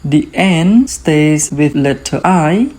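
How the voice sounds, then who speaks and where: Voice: mid-range voice, expressive, takes it slowly, darkish tone. A language teacher giving a beginner lesson, speaking carefully and saying each example word twice.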